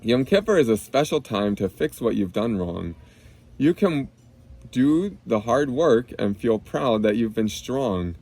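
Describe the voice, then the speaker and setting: A man reading a children's book aloud outdoors on a clip-on mic, gently explaining each term simply for kids. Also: medium pitch. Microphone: clip-on lapel mic.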